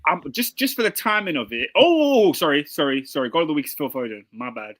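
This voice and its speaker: A man co-hosting a casual football podcast, excitable, cutting in and laughing. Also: fairly high pitch, fairly quick, no echo. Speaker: podcast co-host.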